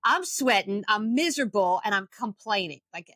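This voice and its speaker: Bright, animated woman storyteller. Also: mid-range voice, moderate pace, no room sound. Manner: animated, acts out quotes. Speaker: guest, addiction coach. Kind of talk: casual storytelling.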